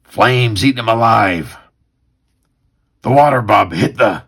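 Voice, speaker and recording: A man reading aloud as Wolverine, a sardonic, terse mutant loner, in a low growl. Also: expressive, slow, creaky, fairly bright tone, slightly rough, exaggerated voice. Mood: urgent. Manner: terse, wry tough-guy inner monologue. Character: gruff mutant loner hero, middle-aged man, sardonic.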